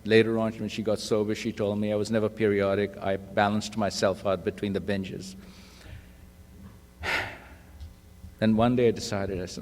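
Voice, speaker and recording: A man's voice: on the low side, little pitch movement, a little slow, long pauses, darkish tone, slight background noise. Self-mocking male speaker sharing his story at a meeting, recorded live with hall echo. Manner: self-deprecating storyteller, acts out quoted voices. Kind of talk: humorous personal testimony. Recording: live talk in a reverberant hall.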